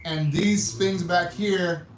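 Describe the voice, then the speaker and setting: A man's voice: high voice, fairly even intonation, takes it slowly, slight background noise. A man hosting a casual livestream, rambling and repeating himself with hesitant restarts. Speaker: livestream host. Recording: echoey room, mic far off.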